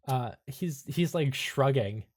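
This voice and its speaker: A man narrating as game master of a tabletop role-playing game, describing scenes in a relaxed way with fillers. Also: mid-range voice, slow pace.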